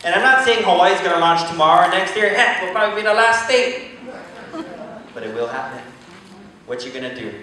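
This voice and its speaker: A man giving an energetic, joking motivational speech at a business event, pushing the crowd to answer back. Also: high-pitched, brisk, long pauses. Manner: energetic, joking, pushes the audience to respond. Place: large event hall. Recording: echoey hall from far off.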